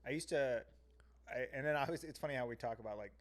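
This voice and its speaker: A young man hosting a comedy podcast, chatting casually with animated, profane riffs. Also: mid-range voice, fast.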